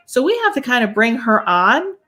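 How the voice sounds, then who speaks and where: A woman's voice: on the high side, very animated, moderate pace, pushed and bright. A woman hosting a casual chat, a medium who tells chatty stories and acts out what people said. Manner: chatty storyteller, acts out quotes. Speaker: podcast host and medium.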